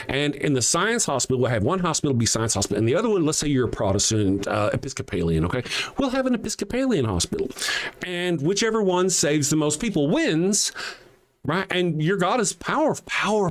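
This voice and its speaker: A man hosting a livestream, answering his chat with sarcastic, mocking rhetorical questions and frequent swearing. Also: fairly high pitch. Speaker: livestream host. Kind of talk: livestream commentary reading chat.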